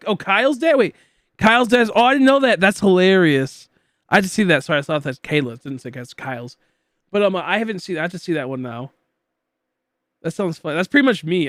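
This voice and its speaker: A man's voice: on the high side, no room sound, clean studio sound. A young man from Michigan chatting casually as a streamer while gaming, rambling and goofy, full of filler words.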